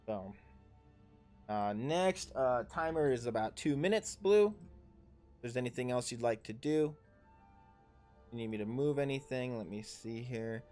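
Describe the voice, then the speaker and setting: A young man narrating as dungeon master, rambling and halting with many fillers. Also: mid-range voice, lively intonation, darkish tone, faint music behind. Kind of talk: narrating a tabletop game.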